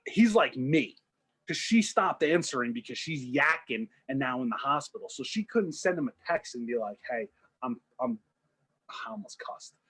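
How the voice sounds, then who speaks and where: Rambling young man with a husky voice. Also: mid-range voice, expressive, a bit bright. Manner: rambling, acts out characters in quick asides. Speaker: podcast co-host. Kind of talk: casual storytelling chat.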